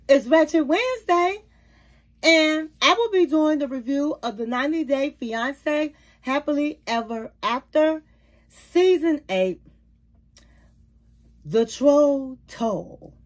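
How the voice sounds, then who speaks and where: A woman's voice: high-pitched, animated, unhurried. A woman recapping a reality show for her channel's viewers in a chatty manner, calling them queens, honey and baby. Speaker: YouTube reality-TV reviewer. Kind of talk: casual recap and commentary.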